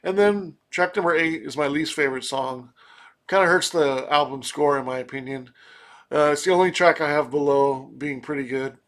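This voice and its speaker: A man talks through an album review track by track in a loose, rambling way. His voice sits a touch high for a man, and he keeps stopping to restart his sentences and add fillers. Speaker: music reviewer.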